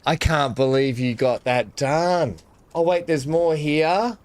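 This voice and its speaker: A gaming video creator with a fairly high voice chats casually at a slow pace as he unboxes gifts. He mutters asides, talks to his dog, and clears his throat often.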